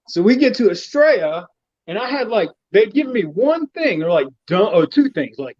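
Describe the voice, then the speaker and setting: A man's voice: high-pitched, very animated, normal speed, darkish tone, no echo. A man telling a comic story as a guest, swearing freely and playful. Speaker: guest knight. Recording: dull lo-fi dry sound.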